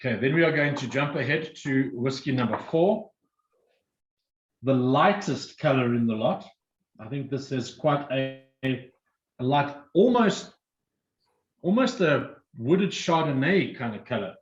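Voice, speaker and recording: A man's voice: mid-range voice, lively intonation, a little slow, echoey room, dull audio. A man presenting a whiskey tasting and explaining each drink step by step. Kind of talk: guided tasting talk.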